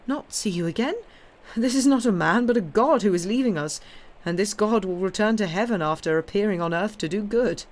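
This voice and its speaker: A woman's voice: mid-range voice, brisk, few pauses, pitched above the performer's own voice, lightly acted. A woman voicing a devoted young husband in an audiobook reading, exclaiming fervently.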